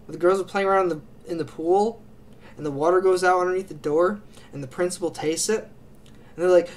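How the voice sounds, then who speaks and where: High-pitched guy hosting his channel, rambling and gushing about his faves, lots of uh and like. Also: moderate pace, pauses often. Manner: gushing, rambling, many fillers and restarts. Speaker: anime reaction channel host. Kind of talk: casual spoken ranking of favorite series.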